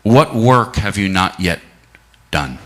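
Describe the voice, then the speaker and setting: A middle-aged man speaking a sermon at a church service, reflective and unhurried, posing many rhetorical questions to the congregation and slowing down for emphasis. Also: fairly low pitch, expressive, fairly bright tone.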